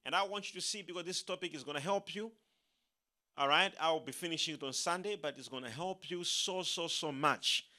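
A man preaching a sermon, emphatic and animated, leading the congregation in call-and-response. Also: a little high, brisk. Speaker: pastor.

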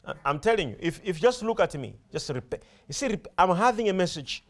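A man's voice: high-pitched, fast talker. A male preacher delivering a sermon, emphatic and repetitive, often stopping to ask his congregation questions. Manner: emphatic, repeats words and phrases, animated rise and fall.

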